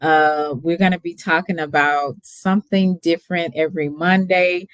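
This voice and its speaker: Low-voiced Texan woman hosting a stream. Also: fairly even intonation, moderate pace, clean tone, dry recording. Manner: chatty, hesitant with many ums, laughs often. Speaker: host. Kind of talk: casual livestream chat.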